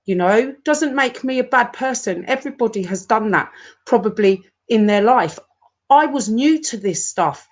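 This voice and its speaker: A woman in her forties, talking to her viewers in an upset, halting rant, often stopping and repeating herself. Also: a little high, animated. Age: 40s. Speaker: YouTuber. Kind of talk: emotional live-stream rant.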